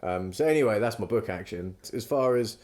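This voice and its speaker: A man with a fairly low voice hosts a casual podcast. He rambles through a long story, swears freely and slips into quoted lines as he goes. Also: lively intonation, brisk, darkish tone. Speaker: podcast host. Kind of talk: casual chat.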